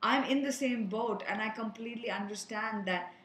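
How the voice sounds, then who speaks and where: A woman's voice: fairly high pitch, moderate pace, fairly bright tone, echoey room, slight background noise, low-quality recording. A woman giving an earnest spiritual energy reading, advising the viewers directly as she talks to them. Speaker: energy reader and healer.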